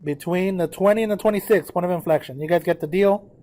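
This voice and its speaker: A man's voice: sits high, fast, warm tone. A man teaching a math class, walking students through a graph step by step, counting numbers aloud and often checking that they follow.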